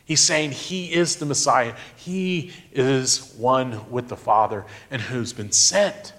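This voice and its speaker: Middle aged guy preaching, slow and thoughtful, leans on key words, average pitch voice. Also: a bit bright. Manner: slow, reflective preaching with emphatic pauses. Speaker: pastor. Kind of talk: sermon.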